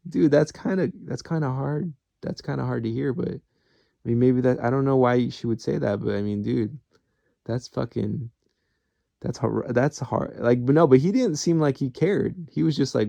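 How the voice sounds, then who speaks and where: Gravelly, dark-voiced man rambling candidly. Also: mid-range voice, moderate pace, no room sound. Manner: candid, rambling, swears freely. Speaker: vlogger. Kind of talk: rambling personal monologue.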